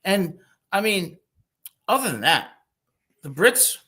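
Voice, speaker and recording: Young male sports talk host from New Jersey, bright tense voice, boisterous joker. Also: high voice, slow pace. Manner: boisterous, jokey, animated storytelling. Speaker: podcast host.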